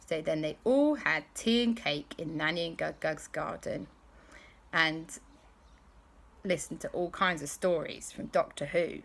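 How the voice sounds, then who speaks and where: A woman telling a bedtime story in an animated way, with sound effects. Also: low-pitched, a little slow, gravelly.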